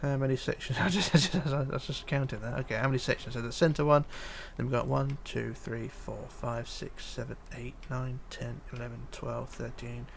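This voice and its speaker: Over a faint hiss or hum, a streamer with a mid-range, fairly even voice chats casually as he builds. He reads out viewer comments and mutters hesitantly, speaking at a moderate pace with vocal fry and few pauses.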